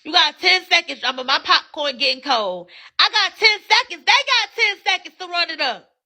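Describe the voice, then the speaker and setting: High bright brash livestream host woman. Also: expressive, moderate pace. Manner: brash, hypes viewers for gifts, frequent cussing. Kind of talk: casual livestream chat. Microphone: phone.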